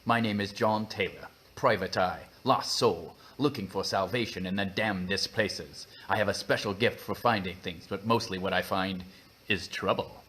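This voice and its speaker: A man reading a book aloud as a brooding private eye, in a mock Cockney accent with a slow, emphatic, theatrical delivery. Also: low-pitched, a bit bright.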